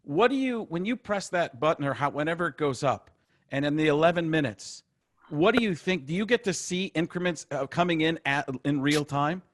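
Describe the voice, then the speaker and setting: A man's voice: on the high side, expressive, a little fast. A man hosting a podcast over a video call, asking rambling questions with many restarts. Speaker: podcast host. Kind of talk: casual podcast conversation.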